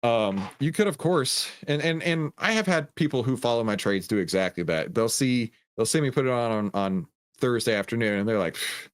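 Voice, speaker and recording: A man's voice: mid-range voice, lively intonation, moderate pace, hardly any pauses. A man hosting a trading livestream, reading chat questions and coaching viewers in an upbeat, conversational way.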